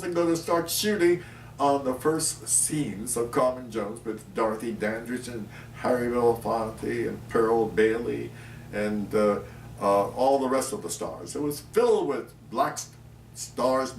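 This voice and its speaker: An older man, an actor, telling animated anecdotes in an interview. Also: mid-range voice, unhurried, a little hiss or hum. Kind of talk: storytelling in an interview. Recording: echoey room, mic at a distance, faint ambience.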